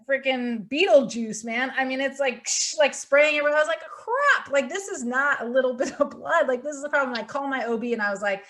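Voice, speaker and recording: Brief: young woman podcast host, high-pitched, animated chatty storyteller. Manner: animated storytelling, acts out her own thoughts. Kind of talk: casual chat.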